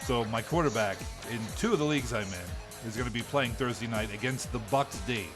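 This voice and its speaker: A man's voice: medium pitch, fairly quick, over music. A man hosting a casual fantasy football podcast, with a dry, wisecracking way of talking. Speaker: podcast host. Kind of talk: casual chat.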